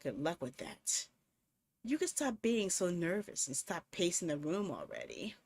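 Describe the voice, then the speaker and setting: A woman voicing a gruff male phone stalker in a horror game, with a hoarse voice and a slow, low, threatening murmur. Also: very animated, full character voice. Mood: menacing.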